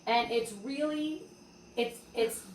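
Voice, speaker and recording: A woman's voice: on the high side, takes it slowly. A woman hosting a casual podcast, telling stories with energy and swearing freely. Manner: lively storyteller, swears freely. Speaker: podcast host and interviewer. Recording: roomy and distant with faint background noise.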